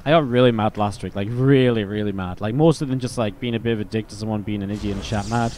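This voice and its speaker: Casual English esports caster. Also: male voice, lowish voice, fast, darkish tone, a little hiss or hum. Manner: chatty, casual asides between play calls. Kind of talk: live play-by-play game commentary.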